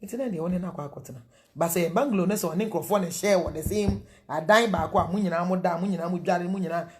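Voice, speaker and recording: A woman's voice: on the low side, quick pace. A middle-aged woman with a Ghanaian accent, preaching marriage counsel in a sermon, mixing Twi and English and asking rhetorical questions.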